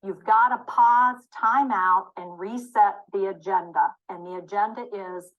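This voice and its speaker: A woman's voice: mid-range voice, normal speed, dull audio. Emphatic woman teaching dementia care. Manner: emphatic, acts out short apology phrases. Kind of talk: webinar teaching.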